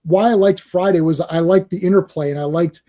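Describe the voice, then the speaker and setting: A man with a fairly high but mellow, warm voice talks casually on a podcast. He laughs a lot and slips into voices when he quotes lines. His talk is loose and full of restarts. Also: steady tone, fairly quick. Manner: laughs often, acts out quoted film lines. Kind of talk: casual chat.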